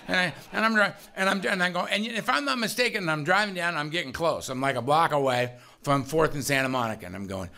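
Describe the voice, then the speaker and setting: A man's voice: fairly high pitch, lively intonation, fairly quick, sharp tone. A middle-aged man telling his own recovery story at a meeting, with wry, self-mocking humor and grumbling asides.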